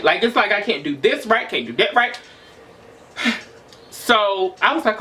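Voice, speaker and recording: High, bright-voiced young man venting. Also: lively intonation, normal speed. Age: 20s. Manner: raw, emotional, profane. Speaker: vlogger. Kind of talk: personal venting monologue.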